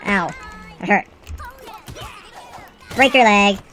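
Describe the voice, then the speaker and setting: A woman's voice: mid-range voice, slow, a bit bright, soft background music. A woman playing a video game and reacting aloud, exasperated, exclaiming and cursing at what happens on screen. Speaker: let's play gamer. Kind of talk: live gameplay commentary.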